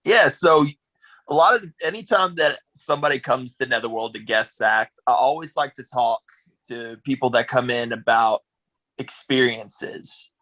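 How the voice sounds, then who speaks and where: A man's voice: medium pitch, moderate pace, bright, forceful tone, low-quality recording. A man co-hosting a podcast, earnestly asking guests about their experiences. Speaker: podcast co-host, haunt actor. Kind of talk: casual podcast interview.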